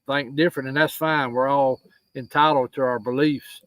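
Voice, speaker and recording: A man hosting a live stream, talking earnestly and haltingly about faith. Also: medium pitch, fairly even intonation, fairly bright tone, no room sound, rough recording. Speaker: host. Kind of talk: casual live-stream conversation.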